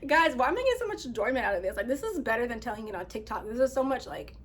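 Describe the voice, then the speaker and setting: A woman vlogger casually telling a story to her viewers, animated, laughing often and reading text messages aloud. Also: on the high side, rapid-fire, slight background noise.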